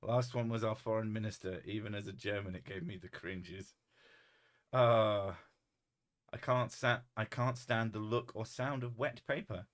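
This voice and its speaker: A man with a fairly low voice chats loosely on a livestream. He reads viewer comments aloud, laughs often and swears freely. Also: steady tone, moderate pace. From United Kingdom. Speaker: streamer reading chat. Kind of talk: casual livestream chat.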